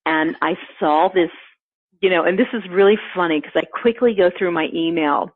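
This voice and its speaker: A woman telling a funny personal story in casual chat, animated and laughing often, acting out the quotes. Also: on the low side, moderate pace, husky, no echo. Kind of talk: casual anecdote. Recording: phone-like narrow sound.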